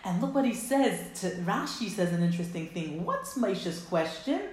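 A woman's voice: mid-range voice, lively intonation, normal speed, darkish tone. A woman teaching a Torah text, quoting Hebrew verses and explaining each in earnest detail. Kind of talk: text study lesson. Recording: echoey room.

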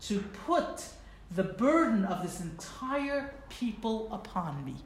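Expressive woman teaching, roomy sound. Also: a little high, moderate pace. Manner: conversational, expressive, asks rhetorical questions. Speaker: Torah teacher. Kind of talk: casual explanatory lesson. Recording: roomy echo, faint background noise.

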